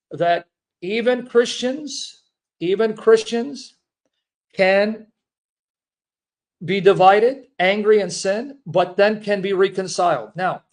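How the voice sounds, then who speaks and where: A man hosting a Christian apologist livestream makes an earnest, emotional personal statement, repeating himself and addressing his listeners as brethren. His voice is high-pitched with a darkish tone.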